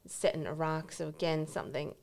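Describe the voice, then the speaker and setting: A woman's voice: low voice, fairly even intonation, fast talker, gravelly, a little mellow. A woman co-hosting a podcast, chatting casually about books she has read and laughing often. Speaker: podcast co-host. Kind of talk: casual book chat.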